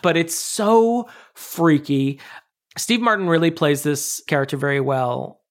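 A podcast co-host in casual chat, animated and emphatic, swearing casually. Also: medium pitch, measured pace.

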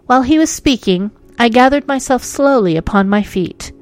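A woman's voice: a little high, lively intonation, moderate pace, no room sound, faint music behind. Woman narrating a suspenseful ghost story.

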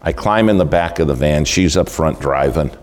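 A man's voice: very deep voice, moderate pace. A man preaching a sermon, telling folksy stories and asking the audience questions.

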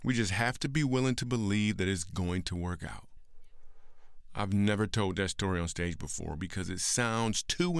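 A comedian and podcast host telling a story and closing with an emphatic, preachy message in an energetic, slangy manner. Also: male voice, lowish voice, smooth.

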